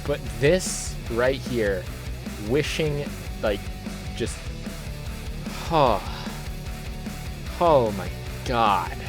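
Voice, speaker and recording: Slow-talking, rambling young American man. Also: medium pitch, animated, music in the background. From United States. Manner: rambling, profane and incredulous, with frequent fillers. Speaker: YouTube commentator. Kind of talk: casual reaction commentary.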